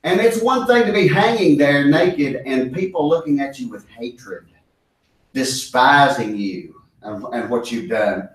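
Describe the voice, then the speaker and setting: A man's voice: mid-range voice, animated, a little slow. A man leading a Bible study discussion, talking earnestly and with emphasis, often repeating key phrases for stress. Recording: echoey room, mic far off.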